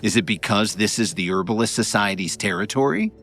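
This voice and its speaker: A man's voice: lowish voice, brisk, fairly bright tone, faint music behind. A man voicing a fearless young man who answers back in a defiant, mocking way in an audiobook. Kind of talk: audiobook narration.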